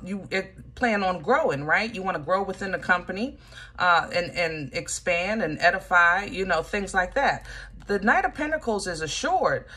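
A woman with a husky, breathy voice at a middle pitch gives a casual tarot reading. She is animated and joking, full of fillers, and speaks straight to the listener. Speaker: tarot reader.

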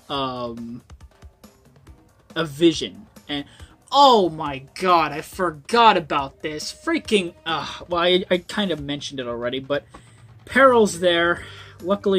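A man's voice: a little high, lively intonation, takes it slowly, fairly bright tone, soft background music. A young man giving a casual book review, rambling with frequent ums and swearing when worked up.

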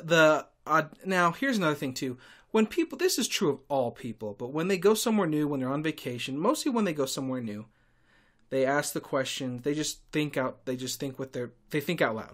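A man hosting a podcast, telling stories in a sarcastic, irritable monologue with sudden loud outbursts. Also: a little high. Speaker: podcast host and tour guide. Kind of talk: casual ranting monologue.

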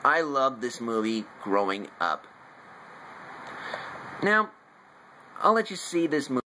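A man's voice: mid-range voice, very animated, slow pace, bright, forceful tone, low-quality recording. A man casually reviewing a favorite movie and showing his figures, rambling and correcting himself as he goes. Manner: eager fan showing off collectible figures. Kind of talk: casual home video review.

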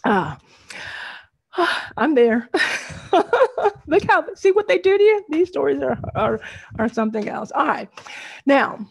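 A woman's voice: on the high side, animated, slow pace, vocal fry, pauses often. A middle-aged woman, leading an online storytelling workshop over a video call, encouraging and laughing often.

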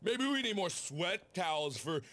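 A man voicing swole, laid-back bro men in a slow, drawling, friendly manner. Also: high voice, sing-song, fairly bright tone, exaggerated voice. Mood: chill.

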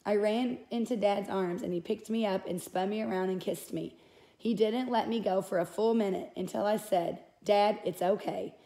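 A woman's voice: medium pitch, fairly even intonation, normal speed, warm tone. Woman reading a novel aloud. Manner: unpolished reading with small slips and self-corrections. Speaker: audiobook reader.

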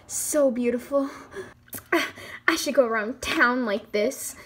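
A woman's voice: fairly high pitch, slow, fairly bright tone, slight background noise. A woman voicing a vain female toy pet in makeup, showing off in a self-admiring way. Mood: preening.

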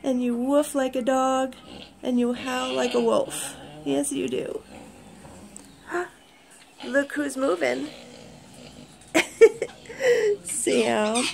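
A woman at home in the morning, talking unhurriedly to her pets and her viewers, cooing to the animals in a soft, doting voice. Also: high-pitched, extremely slow, vocal fry, long pauses, a crowd in the background. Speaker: pet owner vlogger. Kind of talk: casual talk to pets and viewers. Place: at home indoors, early morning.

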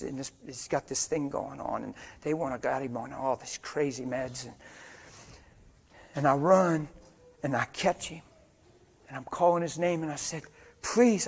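An older white-haired preacher telling a story in a sermon, dropping to hushed whispers and rising to loud, fervent preaching before a live audience. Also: male voice, mid-range voice. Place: church or meeting hall before a live audience.

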